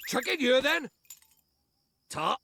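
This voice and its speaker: A man's voice: very high voice, sing-song, takes it slowly, creaky, sharp tone, voice pushed up, full character voice. A man voicing a cheeky, fussy male fairy sidekick with a sing-song, chattering manner. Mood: sulky. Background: game music.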